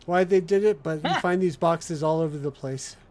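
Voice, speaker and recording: A man's voice: fairly high pitch, moderate pace, darkish tone. A man streaming a video game, thinking aloud as he plays, rambling with restarts in casual chat.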